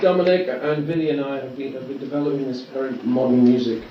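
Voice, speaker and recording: A man answering fans' questions in a club, easygoing and joking, with halting restarts. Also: medium pitch, steady tone. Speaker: musician answering fan questions. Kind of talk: casual Q&A. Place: club venue at a fan meeting. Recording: roomy distant muffled audience tape. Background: loud crowd and noise.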